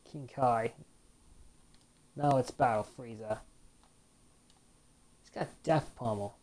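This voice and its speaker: A woman's voice: very deep voice, slow, a little mellow. A woman host giving chatty let's-play commentary, reacting to a fighting game and reading its text aloud. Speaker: gaming channel host.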